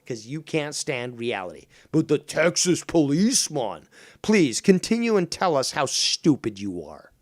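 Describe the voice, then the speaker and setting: A male stream host ranting at someone in an angry, mocking tone, full of curses. His voice sits fairly high for a man. The recording is dry and close, with no room echo. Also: big pitch swings, measured pace, a little mellow. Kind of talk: ranting livestream commentary.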